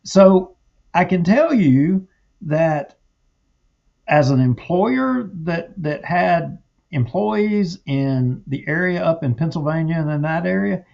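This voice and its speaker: Man, fiery talk-show co-host, gravelly, slightly high voice, dull lo-fi sound. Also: lively intonation, slow, a little mellow. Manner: heated, emphatic, repeats himself. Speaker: podcast co-host. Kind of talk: casual political talk.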